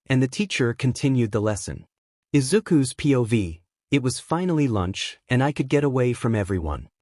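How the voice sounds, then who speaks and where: A man's voice: medium pitch, a little mellow, dry recording, clean studio sound. Man narrating a fan story in first person. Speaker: fanfiction reader.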